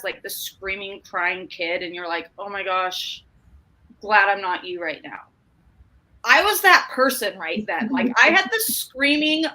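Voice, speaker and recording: Bright, lively woman telling business stories. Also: fairly high pitch, low-quality recording. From Utah. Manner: animated, laughing storyteller acting out dialogue. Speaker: trainer. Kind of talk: business training talk with storytelling.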